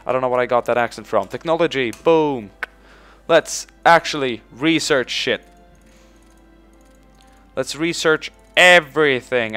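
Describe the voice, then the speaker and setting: Faint music plays behind this casual gameplay commentary, where a man talks at a measured pace in an ordinary middle pitch. He gets excited, curses freely, and commands his units as though they were real soldiers, punctuating each order with a loud "boom."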